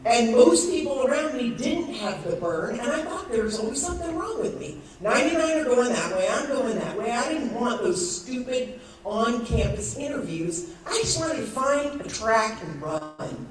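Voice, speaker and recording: A woman in her sixties, speaking at a moderate pace in a slightly high voice, tells stories on stage as part of a motivational talk. She works in network marketing and addresses an audience in a large event hall. She is animated, acts out quoted voices, and laughs often, while the recording is echoey, with a distant mic and crowd noise.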